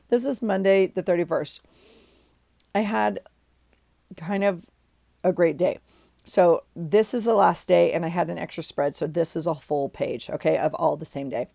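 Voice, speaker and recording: A woman's voice: fairly low pitch, moderate pace, vocal fry, long pauses, dark tone, dry recording. A middle-aged woman vlogger chatting casually at home about her journal, rambling with lots of ums and likes. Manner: rambling, chatty, frequent fillers like um and like. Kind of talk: casual chat.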